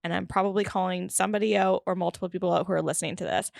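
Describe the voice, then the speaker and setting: A woman's voice: fairly low pitch, fairly even intonation, very fast, vocal fry, no echo, clean studio sound. A woman co-hosting a podcast in casual chat, blunt and fired-up, swearing heavily. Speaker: podcast co-host.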